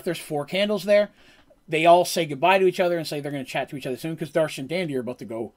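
Casual, rambling male game master. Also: on the high side. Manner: casual, rambling storyteller with fillers. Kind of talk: recapping a tabletop game session.

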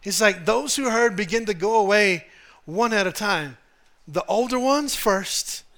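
Male pastor, high voice, lively joking sermon to a church crowd. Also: measured pace. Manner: animated, humorous, conversational preaching. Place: church in front of a congregation.

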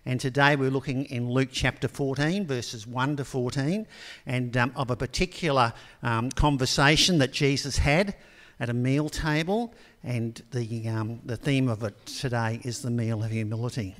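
An older man giving a sermon in a relaxed, conversational storytelling manner, with frequent ums. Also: medium pitch, normal speed. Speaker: preacher. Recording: long hall reverb.

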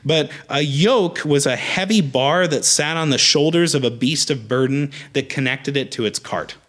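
A young adult man preaching a sermon as a pastor, emphatic and animated, repeating rallying phrases. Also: fairly high pitch, normal speed.

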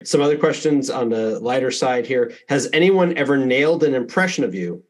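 A man hosting a podcast, briskly asking light casual questions. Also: medium pitch, animated. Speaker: podcast host.

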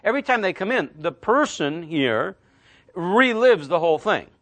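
Pastor, male, middle-aged, storytelling sermon with deliberate slow emphasis, fairly high voice, dry recording. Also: very animated, a bit bright, dry recording. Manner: storytelling, slows right down on key phrases.

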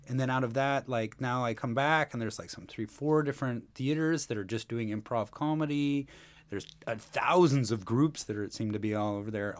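A man chatting casually as a podcast guest, rambling and circling back often as he talks. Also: medium pitch. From Seattle area, USA. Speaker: podcast guest, improv performer.

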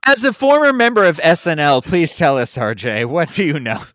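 A man with a fairly high, smooth voice chats casually on a podcast, filling his talk with likes and restarts. The sound is close and dry, with no room around it. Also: expressive, fairly quick, a bit bright, no room sound. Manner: chatty, full of likes and restarts. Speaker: podcast co-host. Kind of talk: casual pop-culture chat.

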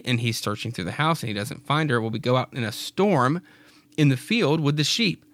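A man hosting a podcast, retelling a horror comic with a raspy voice and wry, jokey asides. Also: medium pitch, animated, normal speed, a bit bright, no echo. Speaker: podcast host.

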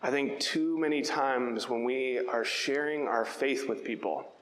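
A man's voice: mid-range voice, measured pace, a bit bright. A young adult male pastor preaching an emphatic, conversational sermon, often checking in with his listeners by asking "right?". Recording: echoey hall with long reverb.

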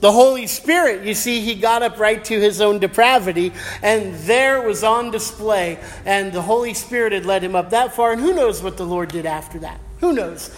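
Delivering an evening sermon in a high voice at a moderate pace with hardly any pauses, this middle-aged pastor moves from prayer into a slangy, casual personal anecdote. The audio carries a long hall reverb.

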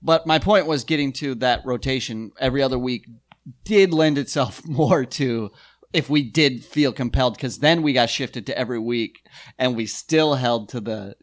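A man's voice: mid-range voice, normal speed, dry recording, clean studio sound. A man in casual comedic podcast chat, rambling and swearing as he jokes with friends. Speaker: podcast co-host, sketch comedian.

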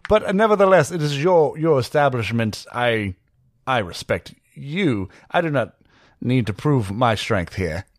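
A man's voice: medium pitch, big pitch swings, unhurried, no echo, clean studio sound. A man voicing a proud, armored male warrior in a tabletop game, stiff and formal with some hesitations.

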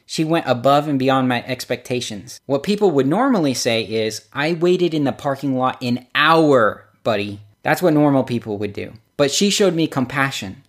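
A man preaching a sermon, telling stories and acting out the quotes he gives. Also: mid-range voice. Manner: storytelling, acts out quotes with lively shifts. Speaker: pastor.

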